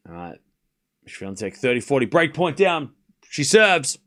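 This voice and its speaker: Bright-voiced excitable male tennis commentator. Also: a little high, unhurried. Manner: excitable, shouts on big points, chatty and joking between rallies. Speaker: host of a live tennis watchalong stream. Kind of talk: live play-by-play commentary with casual asides.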